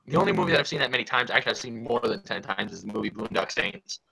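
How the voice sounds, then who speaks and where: A man's voice: mid-range voice, racing, gravelly, a crowd in the background, rough recording. A man hosting a stream, joking around in crude casual banter with friends. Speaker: streamer host.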